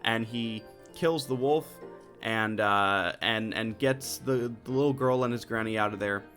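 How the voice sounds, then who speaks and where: A man casually recapping a musical's plot for his channel, joking and paraphrasing the characters in offhand quick voices. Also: fairly low pitch, a bit bright, soft background music. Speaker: movie recap host.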